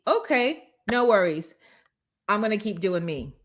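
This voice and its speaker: A woman hosting a live motivational morning show, coaching viewers and greeting them by name in an energetic, preachy way. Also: medium pitch, unhurried. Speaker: host.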